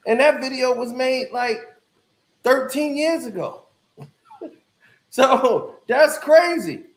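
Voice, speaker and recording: A man's voice: very high voice, takes it slowly, reverberant. A man talking casually and boastfully, laughing at his own claims. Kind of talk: casual bragging talk.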